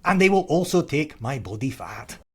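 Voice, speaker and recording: A man putting on a Scottish accent to play a rousing, bombastic rebel warrior hero, with a booming, drawn-out battle-cry delivery. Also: sing-song, husky.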